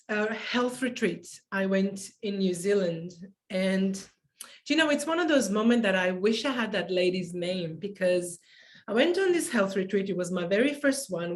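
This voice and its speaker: Woman, interview guest, casual personal stories, emotional, laughs often, mid-pitched voice.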